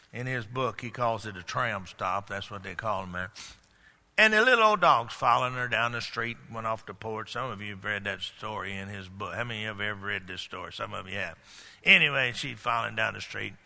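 Folksy preacher with gravelly voice. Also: male voice, fairly low pitch, long reverb tail. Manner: folksy, rising to shouted emphasis. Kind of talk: sermon.

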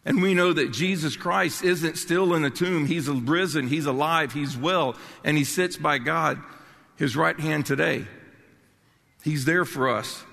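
Gravelly older preacher in an echoing hall. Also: male voice, fairly high pitch, measured pace, a bit bright. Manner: passionate, emphatic preaching with restarts. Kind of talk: sermon. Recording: long reverb of a large hall.

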